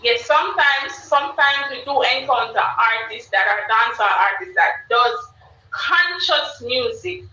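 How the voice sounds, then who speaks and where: A woman's voice: fairly high pitch, a little slow, bright, forceful tone, a little hiss or hum. A Jamaican woman hosting a live stream, chatting casually and repeating herself as she calls out to her viewers. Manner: repetitive, loose, chatty, calls to the chat. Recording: roomy, distant, dull-sounding mic.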